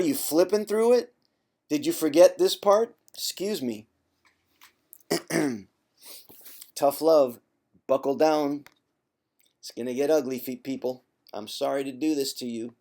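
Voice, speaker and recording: A man, a former chronic pain sufferer, talking straight to camera in a vlog with an emphatic, teasing tough-love delivery, clearing his throat now and then. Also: on the high side, animated, unhurried, long pauses, a little mellow. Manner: conversational, with frequent throat clearing. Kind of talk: direct-to-camera vlog monologue.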